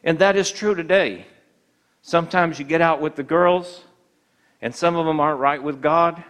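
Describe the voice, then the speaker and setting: A man preaching a sermon, slowing down for key points and briefly acting out the voices of tempters in an emphatic style. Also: on the high side, a bit bright.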